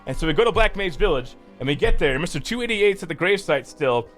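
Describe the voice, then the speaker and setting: A man's voice: on the high side, fast talker, soft background music. A man streaming, retelling a game's story casually with lots of swearing and filler. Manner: rambling, profane, animated retelling. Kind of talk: casual game story recap.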